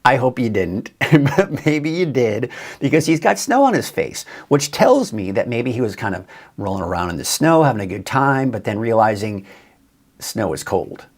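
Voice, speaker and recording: A man's voice: medium pitch, very animated, normal speed. A man giving a casual, chatty live weather forecast as a TV meteorologist, upbeat and a bit tired, with many fillers and restarts.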